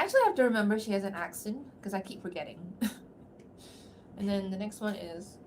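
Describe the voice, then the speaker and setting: A woman's voice: medium pitch, expressive, normal speed, a little hiss or hum. Chatty young woman livestreaming. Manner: chatty, laughs often, reacts to comments. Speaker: voice actor streamer. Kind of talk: casual livestream chat. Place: at home, seated.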